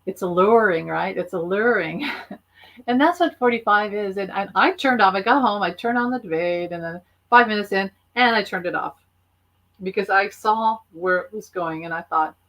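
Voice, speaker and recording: A woman's voice: medium pitch, moderate pace, a bit bright. A woman talking casually on a live stream, rambling with frequent laughs and fillers. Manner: chatty, rambling, laughs often. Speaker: YouTuber and author.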